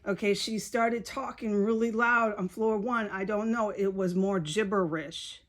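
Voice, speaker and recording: A woman's voice: medium pitch, steady tone, a little slow. A woman giving a rambling, frustrated video monologue, repeating herself and swearing often. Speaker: video blogger.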